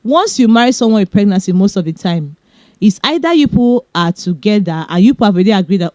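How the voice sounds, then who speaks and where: A young woman with a Nigerian accent talks fast and chattily, handing out relationship advice with little laughing asides. Her voice is mellow and warm. The recording is dry and close. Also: mid-range voice, expressive, no room sound. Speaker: podcast host. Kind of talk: casual advice talk.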